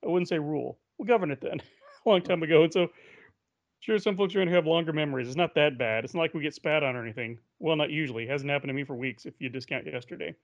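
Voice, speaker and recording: A man's voice: on the high side, fast talker. Man recapping a story, lo-fi. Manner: retelling a story, frequent "uh" and "he says". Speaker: podcast co-host. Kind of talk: casual recap chat. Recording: muffled lo-fi recording.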